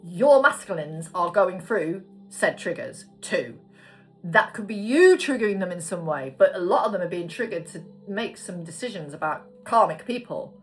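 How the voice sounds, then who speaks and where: A woman's voice: on the low side, animated, normal speed, faint music behind, rough recording. A woman spiritual coach talking frankly and emphatically to camera, swearing freely. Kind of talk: casual monologue to camera.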